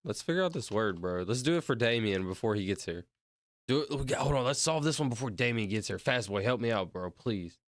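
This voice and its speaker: A man's voice: medium pitch, expressive, a little fast, no room sound, clean studio sound. A young man streaming, chatting casually in a rambling, slangy way and calling people bro. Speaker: streamer counting out loud. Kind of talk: casual livestream chat.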